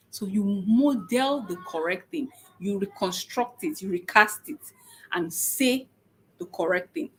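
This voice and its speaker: A woman explaining language strategies to parents in an informal teaching talk, patient and halting, often pausing with "um" and checking in with "okay?". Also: medium pitch, fairly bright tone, breathy edge. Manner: patient, repeats points, frequent "okay?" check-ins; halting, with many "um" pauses. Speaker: speech and autism educator.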